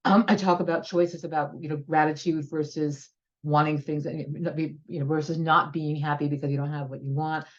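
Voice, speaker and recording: Woman, educational consultant, deep voice, eager explainer, video call, muffled lo-fi audio. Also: steady tone, a little fast. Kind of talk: presenting on a video-call panel.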